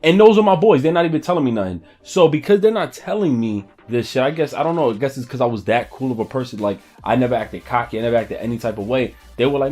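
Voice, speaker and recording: A young man tells a personal story on his vlog, loose, slangy and full of profanity. His voice sits at an average male pitch, and faint music plays quietly behind him. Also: fast, few pauses. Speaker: vlogger. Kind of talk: casual storytelling.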